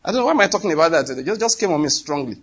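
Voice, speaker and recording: Man, Nigerian accent, sermon, husky voice, slightly high. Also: very fast. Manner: animated, emphatic, slips into acted quotes. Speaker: preacher.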